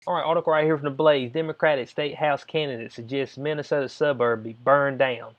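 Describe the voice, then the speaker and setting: A man hosting his own channel, talking straight to viewers in a slangy, animated, mocking commentary style. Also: medium pitch, fairly quick, muffled recording. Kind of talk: casual reaction commentary.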